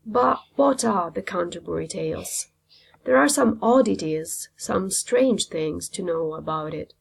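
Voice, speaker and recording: A woman's voice: lowish voice, expressive, measured pace, creaky, slightly rough. A woman teacher, a native Italian speaker, explaining a literature lesson step by step with frequent ums. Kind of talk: classroom lecture.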